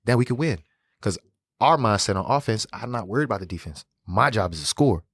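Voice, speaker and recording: A man in his thirties, a podcast guest, telling animated, slangy, profane stories in casual conversation. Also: lowish voice, a little fast, husky, no room sound, clean studio sound. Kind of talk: casual storytelling interview.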